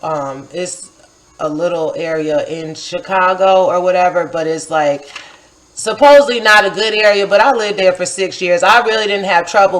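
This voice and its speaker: A woman's voice: on the low side, poor audio. A woman of about forty telling a personal story in a casual, chatty way, full of "like" and "you know," who acts out her own past remarks. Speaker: poet and vlogger.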